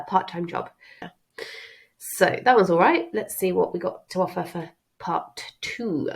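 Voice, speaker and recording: A woman's voice: medium pitch, rough recording. Woman, French teacher, chatty and reassuring, emphatic, exam revision lesson.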